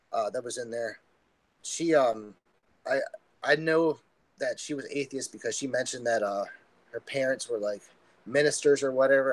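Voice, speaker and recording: A man's voice: mid-range voice, dry recording, poor audio. A man speaking as a podcast guest, telling a personal story in a rambling way with many fillers. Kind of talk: casual spoken testimony.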